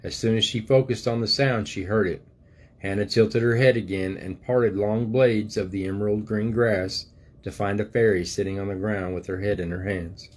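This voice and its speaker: An older man, a grandfather, reading a storybook aloud to his grandchildren in a gentle, unhurried way. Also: on the low side, steady tone.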